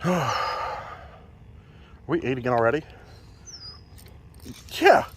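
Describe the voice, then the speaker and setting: Casual male fishing vlogger, lively pitch, chest-cam audio outdoors, faint background noise. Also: slow pace. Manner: chatty and self-deprecating, talks to viewers as "guys". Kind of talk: casual chat to camera while fishing. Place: outdoors on a lake bank. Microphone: chest-mounted camera.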